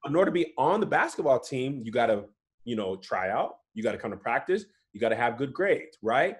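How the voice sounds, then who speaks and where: A man in his thirties, a comedian guest, in casual podcast chat, telling stories in a lively way. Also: medium pitch, brisk. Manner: animated storytelling, often says "you know what I'm saying".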